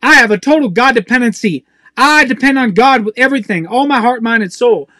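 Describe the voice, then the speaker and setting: A man's voice: very high-pitched, fairly quick, sharp tone, no echo. A man preaching an intense, raw, emotional sermon, pleading and crying out for help.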